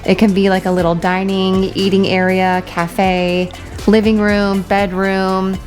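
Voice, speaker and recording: A woman's voice: mid-range voice, completely flat delivery, a little slow, a little mellow, faint music behind. A woman hosting a toy crafting video, chatting casually and gushing over small details. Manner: gushing, enthusiastic. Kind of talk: casual toy review chat.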